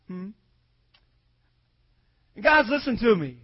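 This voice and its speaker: A man preaching a sermon in a very high voice, rising from soft asides to shouted, near-tearful peaks. He has the congregation repeat lines back to him. The recording sounds dull and lo-fi. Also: moderate pace, pauses often. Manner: swells from quiet asides to shouted, crying climaxes.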